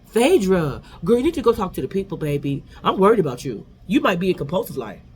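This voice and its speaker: A man hosting a vlog, giving an animated, sassy casual recap of a reality TV episode. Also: high-pitched, fast talker, slight background noise. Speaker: vlog host.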